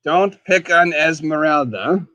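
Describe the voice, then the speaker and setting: This streamer's voice sits on the high side and moves at a slow pace, with no echo, as he eats and chats on a casual live stream. Excitable, he exclaims often and refers to himself in the third person as the dead skeleton.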